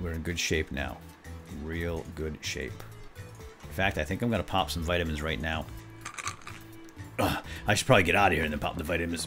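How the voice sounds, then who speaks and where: A low-voiced man talks through his game as he plays, his pitch swinging wide as he bursts into loud yelps and then drops to a whisper. Faint music plays behind him. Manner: excitable, jumps to loud yelps; drops to whispers when sneaking. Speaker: gaming video host. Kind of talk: role-play gameplay commentary.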